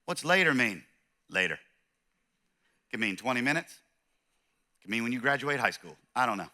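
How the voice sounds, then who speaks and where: Californian pastor guy, middle-aged, bright ringing voice, chatty sermon, plays out little voices. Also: mid-range voice, sing-song, a little slow. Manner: conversational, joking, acts out voices of people in the story.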